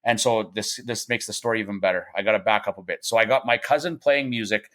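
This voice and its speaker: A man's voice: on the low side, fast talker, fairly bright tone. A middle-aged man telling stories in casual podcast talk, rambling with frequent restarts and fillers, and acting out the voices of people he quotes. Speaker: podcast guest. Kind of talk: casual storytelling.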